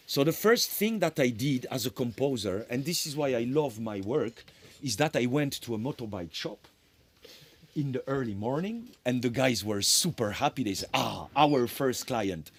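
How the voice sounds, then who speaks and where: A man's voice: mid-range voice, expressive, normal speed, breathy edge. A middle-aged man, a composer giving a conference lecture on his work, rambling and correcting himself with apologetic asides. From France.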